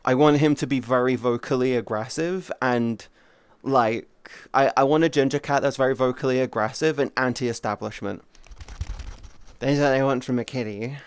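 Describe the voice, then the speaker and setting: Smooth-voiced young man chatting on stream. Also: mid-range voice, moderate pace, no room sound. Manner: animated, rambling and playful, with swearing. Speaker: VTuber streamer. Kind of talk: casual livestream chat. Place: indoors at home.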